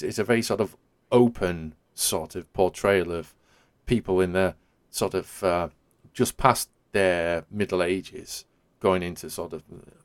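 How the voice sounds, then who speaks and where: A man, hosting a podcast in casual chat and rambling hesitantly with many hedging fillers. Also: lowish voice. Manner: rambling, hesitant, full of "sort of" hedges. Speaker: podcast host.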